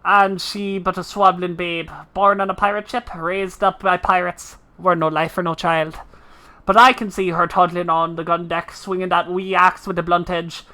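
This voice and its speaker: A woman voicing a gruff old pirate man in a rough sailor's dialect, talking slowly and wistfully. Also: lowish voice, flat delivery, sharp tone.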